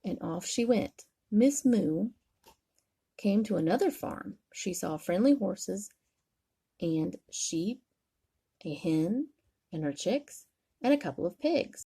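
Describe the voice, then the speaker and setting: An older woman, a grandmother, gently reading a bedtime story aloud in a soothing way. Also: medium pitch, lively intonation, slow pace, vocal fry, pauses often, slightly rough.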